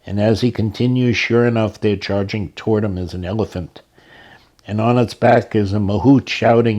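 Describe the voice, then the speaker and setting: Low, mellow male storyteller. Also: steady tone, a little fast. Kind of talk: spoken story narration.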